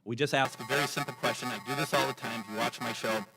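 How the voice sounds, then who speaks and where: A man with a mid-range, creaky voice and fairly even intonation talks fast over loud music during a casual convention panel about paranormal investigation. Enthusiastic and chatty, he restarts sentences often; a mic sits in front of him, and the panel-room recording is noisy with clicks.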